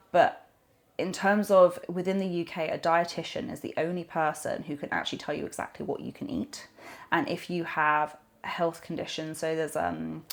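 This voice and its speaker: A woman's voice: deep voice, vocal fry. A woman, a nutrition coach, talking animatedly in a podcast interview, rambling with lots of fillers and restarts.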